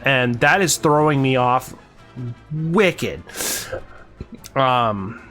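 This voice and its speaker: A man's voice: mid-range voice, lively intonation, drawn-out words, bright, forceful tone, soft background music. A man chatting casually on a live stream while playing a game, rambling with lots of fillers and some swearing. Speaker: variety streamer.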